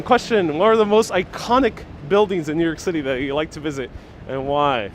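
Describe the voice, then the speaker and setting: A sarcastic, playful man hosts a live stream outdoors on a city street, laughing between jokes. His voice sits a little high, with faint traffic behind it on a wireless lapel mic. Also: lively intonation, fairly quick. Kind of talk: joking live walking stream.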